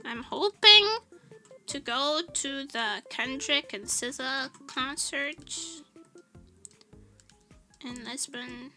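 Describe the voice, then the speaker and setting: A woman's voice: high-pitched, slow, long pauses, sharp tone, soft background music. A young woman streamer chatting casually with her viewers, laughing often and swearing loosely. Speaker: VTuber streamer.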